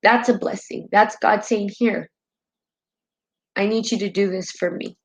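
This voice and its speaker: A woman's voice: mid-range voice, steady tone, unhurried, poor audio. A woman hosting a spiritual live stream in casual talk, heartfelt and rambling, often tagging her sentences with "right?", and tearful at times.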